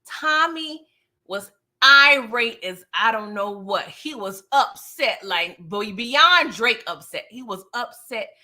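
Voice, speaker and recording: A woman with a bright, forward voice that sits a little high for her sex. She hosts a casual livestream recap, talking to her viewers in slangy, playful speech and laughing often. Her tone stays chatty and direct throughout. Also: animated, slow pace. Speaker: TV show recap host.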